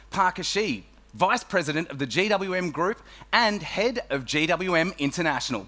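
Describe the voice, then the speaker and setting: A man's voice: sits high, pushed and bright. A man hosting a corporate event on stage, thanking the previous speaker and introducing the next guest in a polished, formal way. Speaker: event host. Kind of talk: emcee introduction. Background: faint music.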